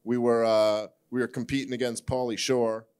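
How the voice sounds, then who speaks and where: A man's voice: mid-range voice, flat delivery, moderate pace, a little mellow, clear, resonant tone. A man hosting a live podcast in front of an audience, joking and sarcastic in loose, rambling banter. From Northeastern US. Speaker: podcast host.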